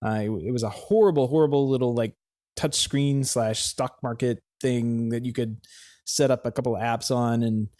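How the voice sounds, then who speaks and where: A man co-hosting a tech podcast, chatting casually and haltingly with frequent restarts and repeated words. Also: mid-range voice, steady tone, mellow, dry recording, clean studio sound. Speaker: podcast co-host.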